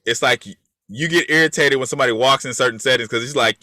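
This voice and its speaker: Bright emphatic man in casual chat. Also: medium pitch, fast talker, dry recording, clean studio sound. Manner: emphatic, repeats himself to make a point. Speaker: podcast co-host.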